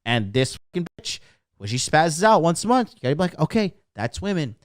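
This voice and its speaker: A man's voice: a little high, sing-song, fairly quick, no room sound, clean studio sound. A young man hosting a casual livestream as a dating coach, brash and profane as he lectures and reads comments.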